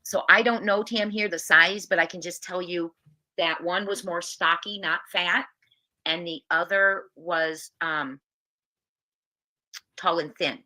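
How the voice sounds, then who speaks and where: Woman livestream co-host, very low pitch, forceful edge, animated questioning, reacts to chat. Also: slow pace.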